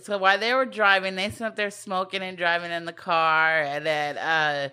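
A woman's voice: on the low side, level tone, normal speed, sharp tone, smooth. A woman in casual chat, laughing often as she retells scenes with quoted lines. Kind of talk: casual chat recapping a film.

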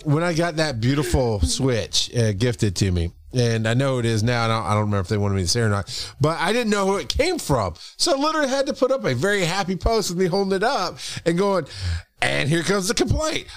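Animated, playful male podcast co-host. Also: on the high side, quick pace, hardly any pauses, no echo. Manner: playful, animated, mock-indignant. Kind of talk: casual podcast chat.

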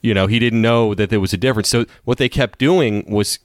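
A man's voice: on the low side, brisk, dry recording, studio quality. A man co-hosting a casual sports podcast, rambling through stories and laughing often. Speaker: podcast co-host.

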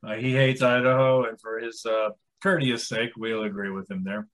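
A man's voice: on the low side, fairly even intonation, normal speed, fairly bright tone, low-quality recording. A man in his forties, co-hosting a podcast, tells a rambling story and laughs along the way. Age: 40s. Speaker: podcast co-host. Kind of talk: casual podcast chat.

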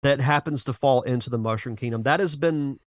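A man talking casually on a gaming podcast, thinking aloud with frequent restarts. His voice sits in a middle pitch and comes through a close mic with no room sound at all. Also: brisk, dry recording. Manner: earnest, talks in restarts, reasoning aloud. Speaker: podcast co-host. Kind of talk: casual chat about games and movies.

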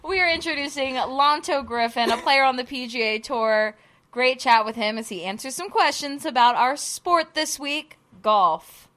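A woman co-hosting a podcast, chatting casually in a studio with quick, chatty asides. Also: high voice, pushed and bright. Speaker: podcast co-host. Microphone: studio mic with headphones.

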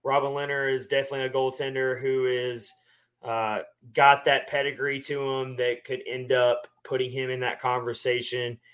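A man co-hosting a sports podcast, talking casually and at length with relaxed fillers. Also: mid-range voice, clean tone. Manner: relaxed, talkative, drawn-out fillers. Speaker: podcast co-host.

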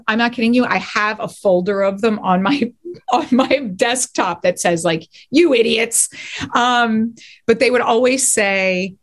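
Animated woman telling stories. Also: mid-range voice. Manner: animated storyteller, quick bursts of speech. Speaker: guest actor and writer. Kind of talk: casual podcast interview.

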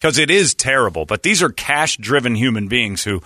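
A medium-pitched American man in his forties hosts a casual radio talk show, speaking at a moderate pace in a dry, clean studio recording. He tells stories with gusto, slipping into imitated accents and voices along the way.

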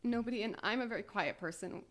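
A young woman on a podcast telling a painful personal story in a quiet, halting way, full of "like"s and sometimes near tears. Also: medium pitch. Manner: quiet, halting, tearful at times, many "like"s. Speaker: podcast guest.

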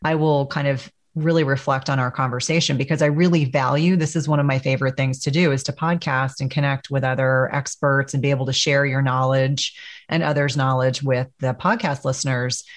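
A middle-aged woman hosting a podcast, speaking in a measured, reflective way. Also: extremely low pitch, fairly even intonation. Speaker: podcast host. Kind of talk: conversational interview.

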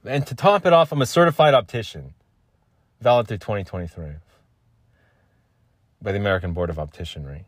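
With a lowish voice, a slightly quick pace and frequent pauses, a man alone on his podcast vents in a casual, frustrated rant. He swears a lot, repeats himself and says "man" and "dude" to the listener; the studio sound is clean with no echo.

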